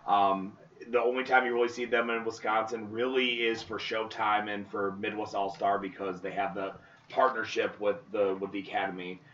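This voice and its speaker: A man's voice: fairly low pitch, fairly even intonation, normal speed, fairly bright tone. A man co-hosting a podcast, explaining his views at length in casual chat. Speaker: podcast co-host. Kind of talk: casual chat about local wrestling. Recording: roomy, distant, muffled.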